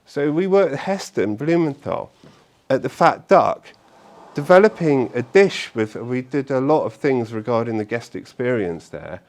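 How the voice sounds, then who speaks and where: A man speaking to an audience at a meetup, telling stories in a chatty, animated way with fillers and frequent tag questions. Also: mid-range voice, measured pace. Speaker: conference speaker. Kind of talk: live talk to an audience. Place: meetup event room.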